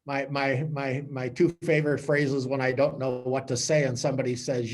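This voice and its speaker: A man, a priest, giving a conversational teaching talk to a small group with animated storytelling. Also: medium pitch, moderate pace.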